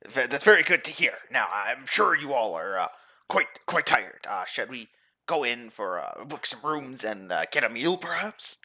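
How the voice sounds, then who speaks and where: A man voicing a nervous, evasive guide who stammers and hesitates, with a bright, lively voice. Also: mid-range voice, normal speed, pitched above the performer's own voice, exaggerated voice.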